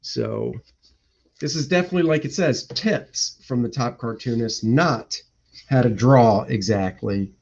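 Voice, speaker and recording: A man's voice: medium pitch, unhurried, a little mellow. A man, a cartoonist hosting a live stream, chatting casually and thinking aloud, rambling and muttering to himself as he goes. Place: indoor home room. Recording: dull lo-fi stream audio.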